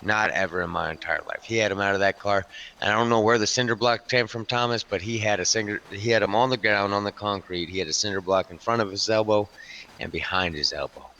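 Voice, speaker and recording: Guy playing a cussing biker club enforcer, lowish voice, punchy and sharp, rambles on like he's telling war stories. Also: quick pace, lo-fi sound. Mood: grim storytelling. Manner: profane, rambling storyteller; keeps addressing the listener by name. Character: foul-mouthed hardened male biker club enforcer. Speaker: roleplay character telling a story. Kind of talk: improvised game role-play storytelling.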